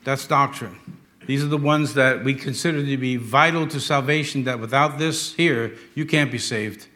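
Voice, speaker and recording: A middle-aged man preaching a sermon as pastor of a church, emphatic, swinging from loud, drawn-out lines to hushed asides. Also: medium pitch.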